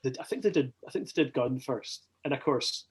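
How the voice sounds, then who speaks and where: A young Scottish man telling a long rambling story as a podcast guest, animated and swearing freely. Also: medium pitch, fairly quick, breathy edge. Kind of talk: casual storytelling.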